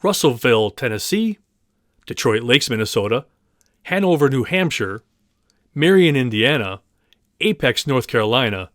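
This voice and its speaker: A man's voice: mid-range voice, big pitch swings, normal speed, pauses often, no room sound, studio quality. A man hosting a movie podcast, talking casually to his listeners, rambling a bit and stumbling over place names. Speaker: podcast host. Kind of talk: casual monologue thanking listeners.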